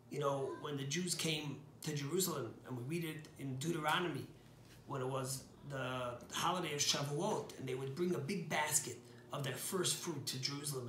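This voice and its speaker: A man's voice: a little high, fairly bright tone, reverberant, slight background noise. A man giving a short inspirational sermon as a rabbi, telling stories earnestly and stressing key words.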